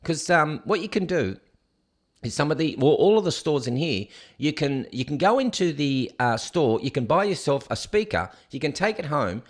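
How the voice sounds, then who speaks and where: A man's voice: on the high side, sing-song, normal speed. A man hosting his own show, reading out news headlines and mocking them in a sarcastic, scoffing rant. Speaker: show host. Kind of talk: casual news commentary rant.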